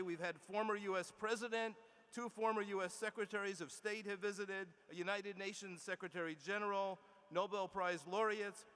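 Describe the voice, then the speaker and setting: A man delivering a formal commencement address from a podium in a large indoor arena, measured and emphatic, with small restarts and asides. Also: high-pitched, fairly bright tone, smooth. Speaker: university leader giving commencement address. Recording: long arena reverb.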